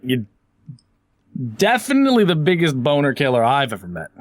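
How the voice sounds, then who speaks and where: A man's voice: a little high, wildly swooping pitch, moderate pace, dry recording, studio quality. A man hosting a casual podcast, swearing freely and mock-insulting his co-host for laughs. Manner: profane, joking, mock-insulting. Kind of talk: casual chat.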